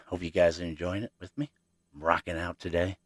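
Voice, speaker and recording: A man's voice: low-pitched, flat delivery, a little fast, dry recording, studio quality. A man hosting his own podcast, telling childhood stories in a rambling, chatty way and talking straight to his listeners. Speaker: podcast host. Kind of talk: casual storytelling.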